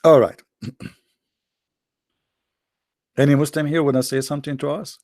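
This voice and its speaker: A middle-aged man hosting a livestream, joking sarcastically and reading the chat aloud, in halting non-native English. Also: on the high side, fairly even intonation, a little mellow, dry recording, studio quality. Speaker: livestream host. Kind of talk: casual live-chat banter.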